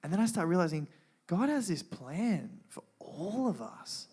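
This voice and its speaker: A man telling an emotional personal testimony to a live audience, earnest and animated, with frequent restarts. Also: high voice, unhurried, slightly rough. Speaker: guest speaker sharing testimony.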